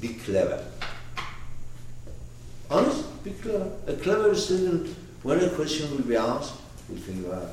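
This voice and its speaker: Slow, animated male teacher in an echoey room. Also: fairly high pitch, distant mic, a little hiss or hum. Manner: emphatic, animated, with frequent restarts and repeats. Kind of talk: lecture on a classic poet's book.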